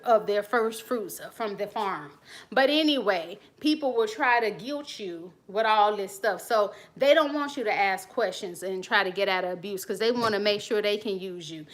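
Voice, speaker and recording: A woman's voice: medium pitch, moderate pace. A woman hosting her channel, talking bluntly and animatedly to camera. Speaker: channel host. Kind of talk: casual talk to camera.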